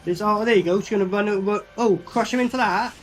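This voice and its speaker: A man's voice: sits high, fast talker, over music. A man giving a casual, sweary running commentary as he reviews a film. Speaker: movie reviewer.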